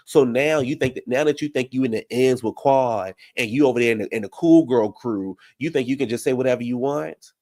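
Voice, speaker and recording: A man's voice: mid-range voice, brisk, few pauses, a little mellow. A man hosting a casual live recap of a reality show, ranting heatedly and answering viewer comments. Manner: heated, ranting, talks straight to the people on the show.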